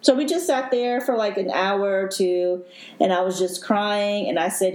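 A woman hosting a podcast who tells her own story in an emotional, halting way with many fillers. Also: medium pitch, darkish tone. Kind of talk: personal storytelling. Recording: echoey room.

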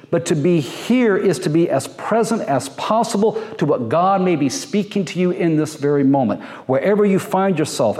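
A man's voice: fairly high pitch, a little mellow. Man preaching in a reverberant hall. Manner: reflective, builds points in short repeated phrases. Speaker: pastor. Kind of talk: sermon. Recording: long reverb of a large hall.

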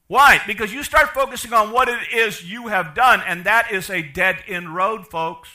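A middle-aged man preaching a sermon, animated, acting out quoted characters, with frequent restarts. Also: sits high, a little slow. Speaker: pastor.

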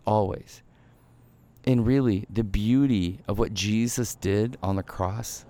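A male pastor gives a sermon in an easy, conversational way, with a fairly low voice. He acts out everyday apologies in quoted voices and slows right down to stress his key points. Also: warm tone.

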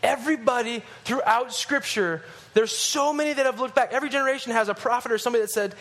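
A man with a high, light voice preaches a sermon. He goes low and hushed for scripture, then climbs higher and louder to drive a point home. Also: quick pace, hardly any pauses. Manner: animated, rising in pitch and force at emphatic points; drops low and quiet when reading scripture. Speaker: pastor.

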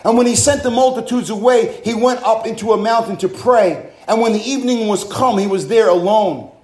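A male pastor with a high voice preaches fervently and calls out hallelujahs between points. He throws rhetorical questions at the congregation. His voice echoes around a roomy, reverberant room. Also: a little fast, a little mellow. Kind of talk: sermon.

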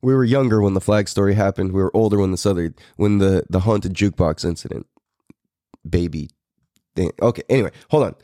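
A man's voice: low-pitched, brisk, dark tone, no echo, clean studio sound. A man in his thirties from California, a podcast host telling a story in a loose, profane, rambling way with frequent laughs. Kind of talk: casual storytelling.

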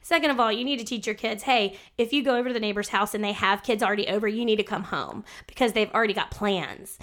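Woman podcast co-host, quick and lively, prone to rants. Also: mid-range voice. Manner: animated, ranting, talks over her sister. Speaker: teacher of children's classes. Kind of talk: casual chat.

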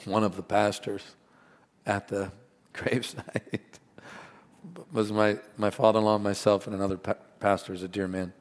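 A man preaching a sermon as pastor, earnest and animated, mixing stories and asides with scripture. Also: lowish voice, normal speed. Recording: long hall reverb.

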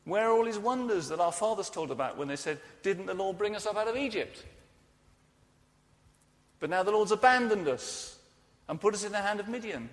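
A frustrated ancient man, as a preacher puts him on, lifts his slightly high voice in a pleading complaint. The sound rings out with the long reverb of a large hall. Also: lively intonation, a little fast. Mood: exasperated. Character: troubled ancient Israelite man, anxious and frustrated.

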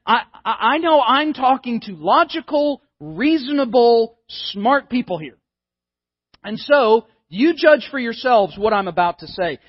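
A man's voice: sits high, no echo, dull audio. A male pastor giving a conversational, emphatic sermon, often repeating words as he builds a point.

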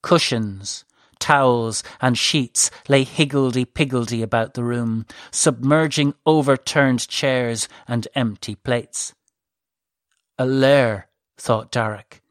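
A narrator reading a novel aloud in a measured, even way. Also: mid-range voice, dry recording, studio quality. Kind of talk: scripted audiobook narration.

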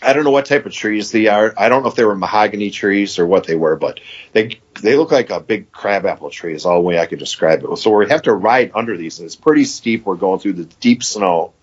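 Husky-voiced man telling a hunting story. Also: on the low side, lively intonation, brisk. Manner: folksy, laughs while telling, acts out dialogue. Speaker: podcast guest. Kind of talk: casual storytelling. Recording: dull lo-fi podcast audio.

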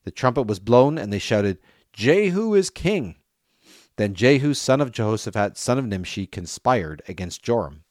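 A man reading a Bible passage aloud at a steady pace, with an occasional restart on a name or phrase. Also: lowish voice, normal speed, hardly any pauses, no echo, studio quality. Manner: steady reading, lifts voice for quoted speech. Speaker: scripture reader.

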